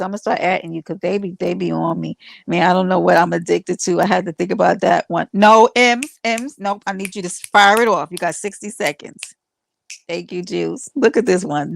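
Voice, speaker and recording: With a medium-pitched voice touched by vocal fry and no echo, a livestream host banters casually with her audience. She rambles, restarts, and uses fillers while needling viewers in mock indignation.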